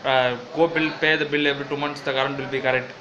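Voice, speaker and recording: A man with an Indian English accent playing a loud, pushy cricket mascot in a comic double-role sketch, rambling with many fillers. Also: mid-range voice, flat delivery, quick pace, lo-fi sound, noisy background, natural voice. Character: brash bossy cricket-league mascot named Jill.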